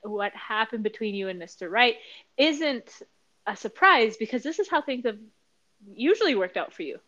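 A woman's voice: fairly high pitch, animated, normal speed, a bit bright, muffled recording. A woman co-hosting a podcast, talking things through in a supportive, reasoning way with frequent "like". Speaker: podcast co-host. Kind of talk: conversational podcast chat.

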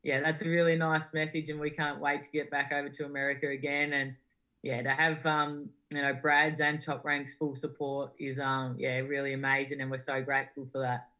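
A man's voice: fairly high pitch, brisk, low-quality recording. A young man from Australia with an Australian accent, answering interview questions in an easygoing way, full of yeahs and ums. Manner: easygoing, many yeahs and ums, flat delivery. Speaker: guest boxer.

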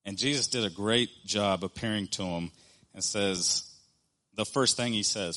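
An earnest man in his thirties delivers a sermon in a plain, conversational way. His voice sits a little low, and he slows down with deliberate pauses when he wants a point to land. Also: fairly bright tone. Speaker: preacher.

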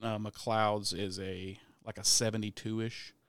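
A man chatting casually as a podcast co-host, relaxed and jokey, hedging his asides. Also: on the low side, a little slow, no room sound. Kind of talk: casual chat.

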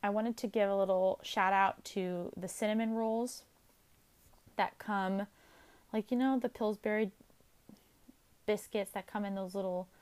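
A young adult woman chats alone on her podcast, rambling quickly from one thing to the next. She talks fast, pokes fun at herself, and keeps an easy, casual tone throughout. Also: medium pitch, fairly even intonation, darkish tone. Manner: chatty, fast-talking, self-deprecating. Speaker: podcast host. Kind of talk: casual solo podcast chat.

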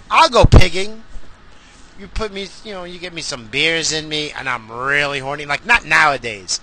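A man on a profane comedic rant, heated and swearing, who now and then bursts into shouts. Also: on the high side, slight background noise.

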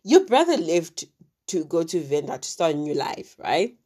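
A woman's voice: low-pitched, very animated, moderate pace, dark tone, breathy edge. A woman from Africa, casually retelling a true crime story with many fillers and asides.

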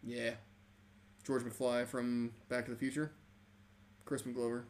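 A man's voice: mid-range voice, level tone, measured pace, darkish tone, a little hiss or hum. A young man in casual chat, swearing often and laughing as he tells stories. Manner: profane, laughing storyteller.

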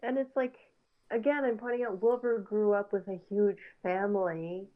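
A woman's voice: medium pitch, steady tone, moderate pace. Woman co-host on a tinny line. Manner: rambling, filler-heavy, opinionated. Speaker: podcast co-host. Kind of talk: casual podcast chat.

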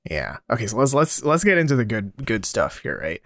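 A man's voice: lowish voice, very animated, fairly quick, fairly bright tone, no room sound, studio quality. A man co-hosting a casual podcast recap, laid-back, swearing casually and reading from his notes. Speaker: podcast co-host. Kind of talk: casual chat recapping a reality show.

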